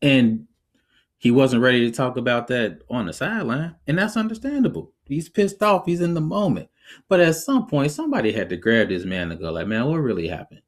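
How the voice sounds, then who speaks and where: Animated man hosting a podcast. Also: mid-range voice, fairly quick. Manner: animated, acts out quotes, laughs often; conversational, reflective. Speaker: podcast host. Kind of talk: casual opinion talk.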